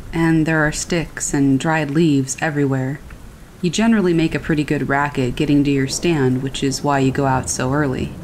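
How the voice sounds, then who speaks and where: A woman with a low voice narrates a scary story in a calm, steady manner. Soft rain falls faintly behind her throughout the reading. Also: a little hiss or hum, poor audio. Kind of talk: scripted narration of reader stories. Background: rain falling.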